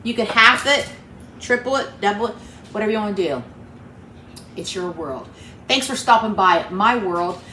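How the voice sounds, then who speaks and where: A woman's voice: mid-range voice, moderate pace, long pauses, sharp tone. A woman with an Appalachian accent hosting a casual cooking vlog from her home kitchen, chatty, homey and upbeat, talking to viewers like friends. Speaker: cooking channel host. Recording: roomy kitchen with faint background hum.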